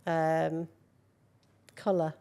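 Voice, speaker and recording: Candid, animated woman, middle-aged, with a low, gravelly voice. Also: very slow. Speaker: guest, model. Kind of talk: conversational interview.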